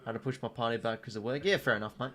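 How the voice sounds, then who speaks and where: An Aussie livestream host around twenty talks rapid-fire in a mid-range, somewhat bright voice during a casual watch-along. He's chatty, reads viewer comments aloud, and uses "mate" a lot.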